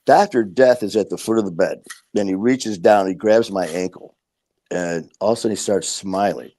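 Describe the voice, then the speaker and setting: This podcast guest has a fairly low, dark-toned voice and speaks at a moderate pace. He tells his story casually and bluntly, swearing freely and acting out what other people said.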